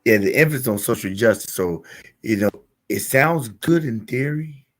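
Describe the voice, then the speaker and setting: A man hosting a casual talk, telling stories with lively acted-out quotes and laughing at his own jokes. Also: mid-range voice, normal speed, soft background music. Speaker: podcast host. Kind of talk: casual conversational commentary.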